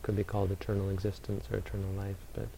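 A man who is a Buddhist meditation teacher, answering audience questions in a calm, unhurried, gently advising way. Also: lowish voice, vocal fry, a little hiss or hum, poor audio.

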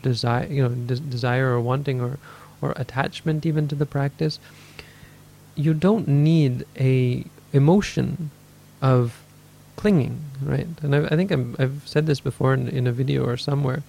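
A mid-range, creaky, mellow male voice holds a steady tone at a moderate pace, with slight background noise. The speaker, a meditation teacher, answers questions in a dharma talk, thoughtfully thinking aloud, correcting himself, and acting out people's inner voices.

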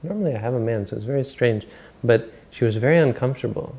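A man giving an informal Buddhist dharma talk as a monk teacher, rambling and halting with many restarts and self-corrections. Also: mid-range voice, mellow, muffled recording.

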